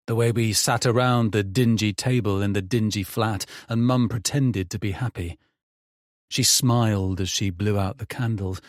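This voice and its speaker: A man narrates a dark first-person thriller, weary and bitter in tone. His voice is on the low side and unhurried, very slow in pace. The recording is close and completely dry. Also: no room sound. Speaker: audiobook narrator.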